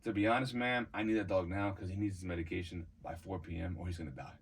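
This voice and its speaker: A man telling a story on a podcast in casual chat, animated and profane, acting out the voices of the people in it. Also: low-pitched, fast talker, breathy edge, recorded from a distance. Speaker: podcast co-host.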